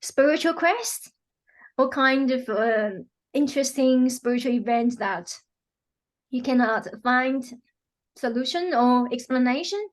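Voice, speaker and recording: A woman's voice: high-pitched, unhurried. A woman guest, a healing practitioner, explaining her work earnestly with frequent fillers. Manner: earnest, many "you know" fillers, acts out quotes. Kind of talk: explanatory interview talk.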